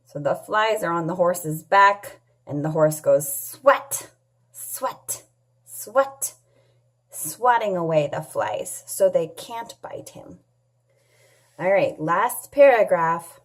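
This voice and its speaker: A woman teaching a children's phonics lesson, sounding out letters and words clearly and patiently, asking questions and answering them herself. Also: fairly low pitch, lively intonation, takes it slowly. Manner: patient, asks and answers her own questions. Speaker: English teacher.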